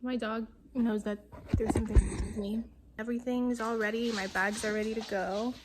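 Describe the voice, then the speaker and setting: A woman's voice: fairly high pitch, level tone, brisk, noisy background. A heavily pregnant young woman talking bluntly to her phone camera, swearing and speaking through tears and labor pain. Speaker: vlogger. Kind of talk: casual video diary. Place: at home, then a hospital.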